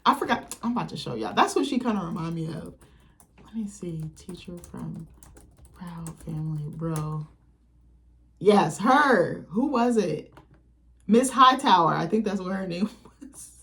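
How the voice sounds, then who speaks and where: A woman's voice: lowish voice, lively intonation, unhurried, creaky, fairly bright tone. A woman talking straight to camera as a vlogger, giving blunt, candid and profane opinions in a loose, chatty way. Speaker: vlogger, channel host. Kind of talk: casual opinion commentary.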